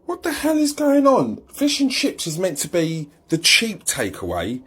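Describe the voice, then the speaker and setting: A man rants in outrage, repeating his points for emphasis. His pitch swings lively up and down. His voice has a husky edge. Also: a little slow. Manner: outraged, repetitive complaining. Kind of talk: indignant rant to camera.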